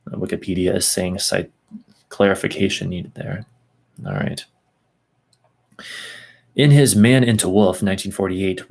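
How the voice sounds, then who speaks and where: A man with a low, creaky voice reads a text aloud at an easy pace in a casual mix of reading and commentary, pausing for asides and retrying difficult names.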